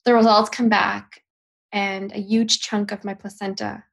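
A young woman with a gravelly, mid-pitched voice tells a painful personal story as a podcast guest. Her delivery is emotional and halting, full of restarts as she relives it. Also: level tone.

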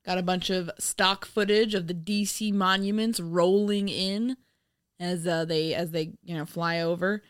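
A woman's voice: lowish voice, fairly even intonation, unhurried, clean tone, no echo, clean studio sound. A young woman co-hosting a podcast in casual chat, joking and sarcastic, often laughing. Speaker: podcast co-host.

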